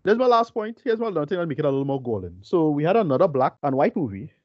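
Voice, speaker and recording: A man's voice: fairly high pitch, very animated, fast talker, dry recording, dull audio. A man co-hosting a podcast film review in casual chat, blunt and dismissive, often saying "like, look" and "whatever".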